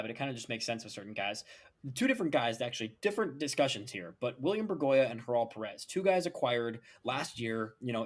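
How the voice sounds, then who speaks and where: Young male co-host, casual chat, emphatic, quick asides, mid-pitched everyday voice. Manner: animated, emphatic, lots of "like" and "right?". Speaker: podcast co-host.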